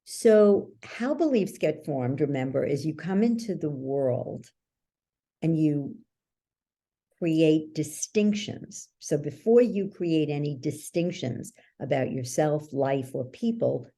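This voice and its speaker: Low, slow-talking woman explaining patiently. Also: vocal fry, dark tone. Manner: checks in with the listener often, storytelling. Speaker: guest, belief-change coach. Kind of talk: explanatory interview talk.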